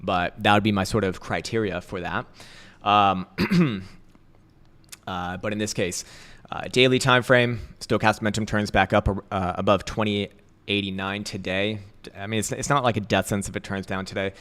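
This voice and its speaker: Man, crypto stream host, casual chat, cursing, laughing asides, lowish voice. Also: fairly even intonation, moderate pace, fairly bright tone, smooth. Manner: loose, profane, laughing asides. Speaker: crypto trading livestream host.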